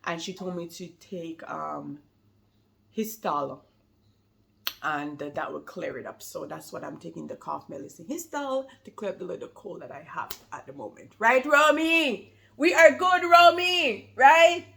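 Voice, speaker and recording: A woman's voice: low-pitched, lively intonation, moderate pace, vocal fry, a bit bright. A woman chatting casually to camera about being a new mother, rambling and laughing often, with a slight lingering cold.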